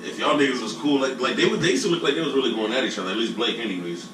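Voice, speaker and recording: A young man co-hosting a podcast, telling stories with animated, laughing delivery. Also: medium pitch, racing, noisy background. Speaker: podcast co-host. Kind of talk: casual chat. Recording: echoey room, far from mic.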